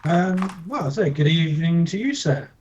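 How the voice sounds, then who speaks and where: A man's voice: a little high, lively intonation, normal speed, darkish tone, highs cut off, slight background noise. A man playing in a tabletop game, chatting casually and speaking politely but hesitantly with ums when in character. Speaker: player.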